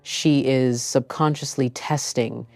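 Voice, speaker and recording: A woman giving scripted motivational relationship advice, speaking in a slow, deliberate and emphatic way. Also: very deep voice, fairly even intonation, vocal fry, darkish tone, no room sound.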